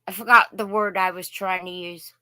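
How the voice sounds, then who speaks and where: A woman from Indiana hosts a casual live chat, greeting viewers by name in a folksy way. Her mid-range voice is bright and forceful with fairly even intonation, at a normal speed, and there is no room sound.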